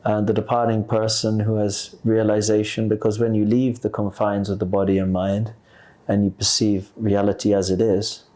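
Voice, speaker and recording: Male podcast guest, lowish voice, earnest and reflective in explanation. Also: monotone, darkish tone. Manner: earnest, explaining with pauses and restarts. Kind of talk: spiritual discussion.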